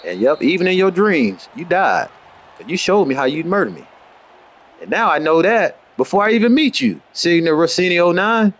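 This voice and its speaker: A man streaming a football video game, rambling in brash, boastful, profane commentary and trash talk, dropping to low mutters and then jumping into high outbursts. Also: expressive, moderate pace, a bit bright. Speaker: gamer streaming gameplay.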